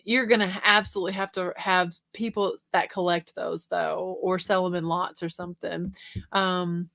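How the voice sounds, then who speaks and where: A woman's voice: mid-range voice, fairly bright tone. Chatty woman hosting a reselling livestream. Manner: chatty, reads comments aloud and answers them. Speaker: livestream host reading viewer comments. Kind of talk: casual livestream chat about reselling.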